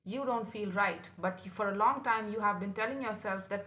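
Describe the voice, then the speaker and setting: A woman's voice: medium pitch, brisk, hardly any pauses, sharp tone, rough recording. A woman giving a casual tarot reading, talking in a rambling, repetitive way and acting out what people might say. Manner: rambling and repetitive, acts out quoted lines. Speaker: tarot reader.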